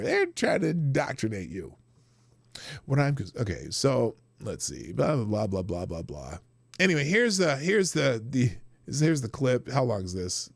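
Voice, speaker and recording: A man's voice: medium pitch, wildly swooping pitch, a little slow, creaky, pauses often, no room sound. A middle-aged man from Nebraska hosting a live news commentary show, chatting loosely and narrating to himself as he clicks through clips. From Nebraska, US Midwest. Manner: rambling, chatty, talks to himself while working the screen. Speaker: show host.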